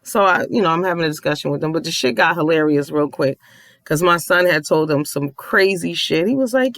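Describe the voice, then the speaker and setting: A mother telling a long story in a casual rant, profane and animated, acting out the people she quotes. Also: mid-range voice, moderate pace, no echo.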